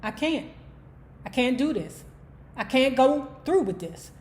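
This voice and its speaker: A woman voicing a stubborn young man who refuses to go through with a wedding, in a flat, withdrawn voice. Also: high voice, unhurried. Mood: reluctant.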